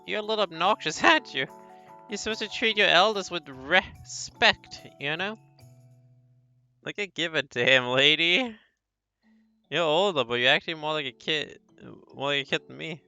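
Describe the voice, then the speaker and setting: A man's voice: on the high side, normal speed, bright, forceful tone, dull audio, soft background music. A man voicing a guarded village boy in a story game who answers curtly and scornfully. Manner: curt, scornful.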